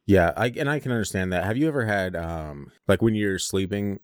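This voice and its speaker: A man hosting a podcast in a studio, relaxed and jokey, chatting with a guest. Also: low-pitched, fairly quick, clean tone, dry recording. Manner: relaxed, frequent "yeah" backchannels, jokey. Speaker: podcast host. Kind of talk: casual chat.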